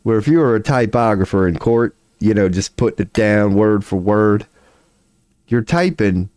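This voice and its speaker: A man in his forties talks loosely on a livestream, swearing freely and laughing as he rambles. His voice sits on the low side. The sound is dry, with no room echo. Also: expressive, moderate pace, darkish tone. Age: 40s. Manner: rambling, profane, laughs often. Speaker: streamer. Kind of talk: casual livestream chat.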